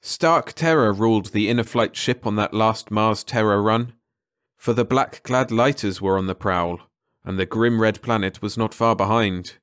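A male audiobook narrator with a low voice reads a short story in a measured, dramatic manner. The recording is close and dry, with no room sound. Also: fairly bright tone, smooth, no room sound.

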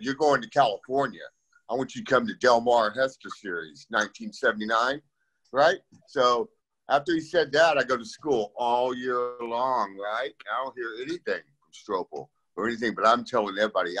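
Man telling a lively story. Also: mid-range voice, low-quality recording. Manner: lively, acts out quoted voices. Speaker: guest. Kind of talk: animated storytelling.

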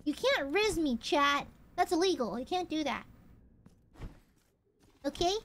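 High, lively playful woman streaming a game. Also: a little slow, slight background noise. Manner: playful, boastful and swearing, talks to chat. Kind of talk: casual gameplay commentary.

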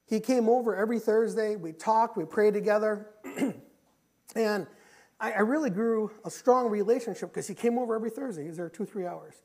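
A middle-aged man preaching a sermon in a church. He talks emphatically, repeats his key phrases, and moves between loud and quiet passages. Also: high-pitched, a little fast. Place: church sanctuary.

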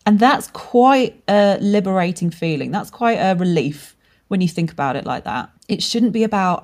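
A woman's voice: fairly low pitch, lively intonation, normal speed, darkish tone. A woman hosting a solo podcast, talking candidly and casually, swearing freely as she tells stories. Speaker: podcast host and brand strategist.

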